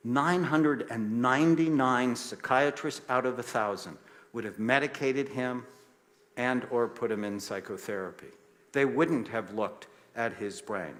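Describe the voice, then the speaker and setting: Animated male storyteller with soft grave drops. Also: unhurried. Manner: animated storyteller, acts out quoted voices, drops soft and low for grave moments; emphatic, passionate. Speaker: psychiatrist. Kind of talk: storytelling talk.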